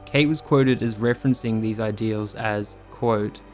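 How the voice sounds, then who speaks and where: A man's voice: lowish voice, fairly even intonation, measured pace, soft background music. Man narrating true crime, sombre. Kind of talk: scripted narration.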